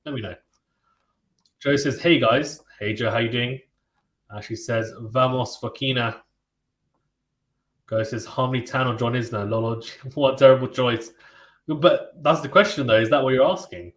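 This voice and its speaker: Hosting a live tennis watchalong stream, a man gives loose, chatty play-by-play, pausing often to read viewer comments aloud and react to them. His middle-pitched voice moves at a moderate pace, and a roomy echo suggests an untreated space.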